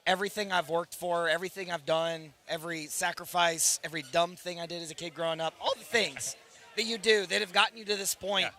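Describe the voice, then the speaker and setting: Hoarse young male race winner, slightly high, bright, emotional and excited. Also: a little fast. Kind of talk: casual chat.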